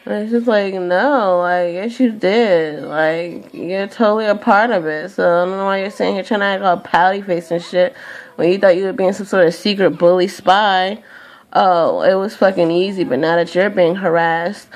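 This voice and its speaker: A woman's voice: medium pitch, moderate pace, creaky. A tired young woman venting in a profane, exasperated rant to camera. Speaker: vlogger.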